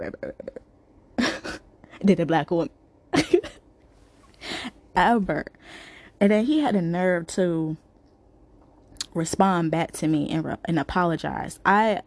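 A young adult woman vlogger, telling a story to her viewers in a casual, emphatic way that repeats itself for effect. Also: lowish voice. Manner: animated, repetitive, emphatic.

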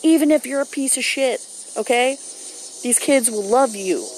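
A woman's voice: high-pitched, moderate pace, darkish tone, slight background noise, poor audio. A young mother telling a story in a blunt, profane, casual way. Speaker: mom vlogger. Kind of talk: casual monologue to camera.

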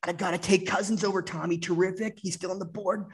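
Casual male co-host, gravelly raspy voice, swears through playful mock-serious trash talk. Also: high-pitched, fairly even intonation, quick pace. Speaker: podcast co-host. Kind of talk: casual joking banter.

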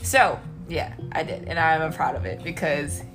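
A young woman co-hosting a podcast in casual chat, animated and quick to laugh, jumping up into excited high notes. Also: soft background music. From Asian descent, Korean heritage. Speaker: podcast co-host.

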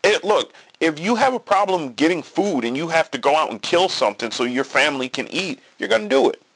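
Gravelly, lively-voiced man hosting a podcast. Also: fairly high pitch, a little fast. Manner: storytelling with quoted dialogue, repeats and restarts. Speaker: podcast host. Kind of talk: casual political monologue.

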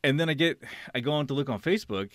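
A man on a podcast telling a long story in casual chat, rambling and animated, acting out what people said and laughing often. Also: on the high side, very fast, no room sound, clean studio sound. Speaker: podcast co-host.

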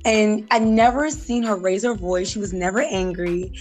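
A woman's voice: medium pitch, normal speed, faint music behind. A woman being interviewed as a guest author, speaking in a reflective, casual way, with fillers and small laughs. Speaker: guest author and life coach.

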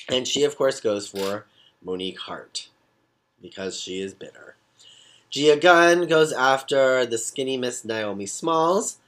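Guy doing a sassy gossipy recap, chatty and animated, mid pitch. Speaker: reality show recapper. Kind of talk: casual recap commentary.

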